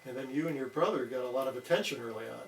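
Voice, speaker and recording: A man's voice: mid-range voice, rapid-fire. A man interviewing a guest, giving short prompts and brief follow-up questions. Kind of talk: casual interview. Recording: voice far from mic.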